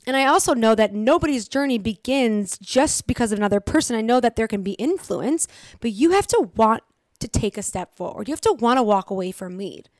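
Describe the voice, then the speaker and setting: A woman's voice: a little high, expressive, a little fast, no echo. Blunt, swearing young woman, dry sound. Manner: blunt, frequent swearing, repeats phrases. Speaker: recovery vlogger. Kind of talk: direct-to-camera motivational talk.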